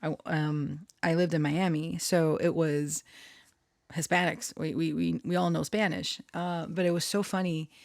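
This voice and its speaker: A woman's voice: deep voice, fairly even intonation, unhurried, no echo, clean studio sound. A woman telling a rambling personal story in a casual monologue, giggling often and restarting her sentences with many fillers. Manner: self-conscious, embarrassed. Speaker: channeler and storyteller.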